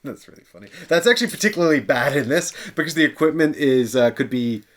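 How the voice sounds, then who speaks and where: A man's voice: medium pitch, expressive, fast, fairly bright tone. A man from Canada playing a board game with friends, laughing easily and explaining the rules. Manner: giggly, easygoing, explains the rules. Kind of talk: casual chat and reading card text.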